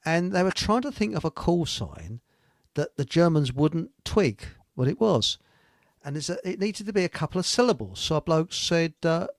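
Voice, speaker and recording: A man's voice: mid-range voice, dry recording, clean studio sound. An older man hosting a live talk show, telling rambling jokes and stories and chuckling at his own punchlines. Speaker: host. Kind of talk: casual chat on a live internet talk show.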